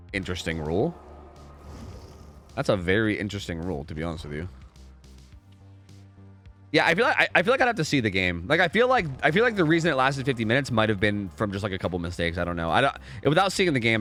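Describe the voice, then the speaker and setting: A man's voice: lowish voice, sing-song, fast talker, long pauses, bright, forceful tone, soft background music. A young man casually commentating a game live on stream, rambling, repeating himself and swearing freely.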